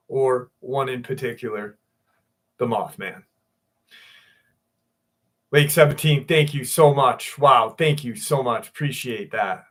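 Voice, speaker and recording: A man in the middle of his range hosts a relaxed live chat. He talks loosely and gets excitable, calls out viewers by name and drops the odd swear word along the way. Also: medium pitch, takes it slowly, pauses often. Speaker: livestream host.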